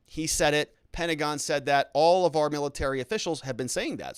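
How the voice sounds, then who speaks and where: A man hosts a live stream, reading viewers' comments aloud and answering them off the cuff, stumbling and restarting as he goes. His voice sits a little high for a man. The sound is dry and close, with no room around it. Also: fairly quick, clean tone, dry recording.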